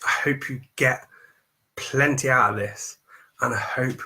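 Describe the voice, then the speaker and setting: A man's voice: medium pitch, measured pace, pushed and bright. A man coaching on mindset in a live stream talk, emphatic and repetitive as he preaches self-affirmation.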